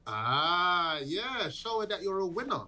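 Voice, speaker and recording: An actor playing a brash young British friend giving an encouraging pep talk in a game. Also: male voice, high-pitched, very animated, measured pace, pushed and bright, slight background noise, exaggerated voice. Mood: hyping. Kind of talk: game voice acting.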